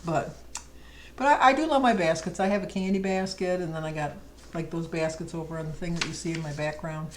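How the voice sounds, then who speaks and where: A woman's voice: low-pitched, brisk, background noise. A middle-aged woman vlogger chatting casually and rambling fondly through a list of questions. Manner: chatty, rambling, fond storytelling. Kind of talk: casual chat.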